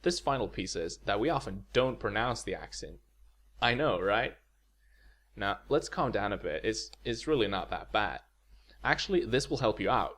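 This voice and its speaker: A man's voice: fairly low pitch, animated, normal speed, a bit bright. A man whose first language is Swedish, giving an upbeat, reassuring video lecture on pronunciation. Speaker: language teacher.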